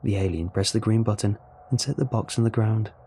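A man narrating a first-person science fiction story in a steady, even manner. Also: lowish voice, fairly quick, slight background noise. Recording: faint music underneath.

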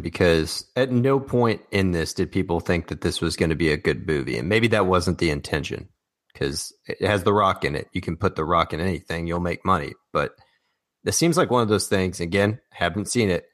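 A man's voice: deep voice, a bit bright. A man co-hosting a casual movie chat, talking in a wry way with joking asides. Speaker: podcast co-host.

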